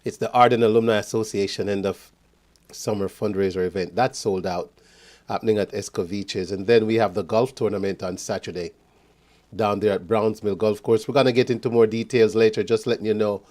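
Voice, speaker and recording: A man's voice: fairly low pitch, steady tone, brisk. Upbeat radio host man. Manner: upbeat hype, shout-outs to listeners. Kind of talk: live show announcements.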